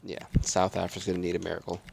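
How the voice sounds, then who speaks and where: Gravelly man calling a video game match. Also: low-pitched, very fast, background noise. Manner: excitable play-by-play that drops to mumbled asides. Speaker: gaming channel host. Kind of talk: solo video game commentary.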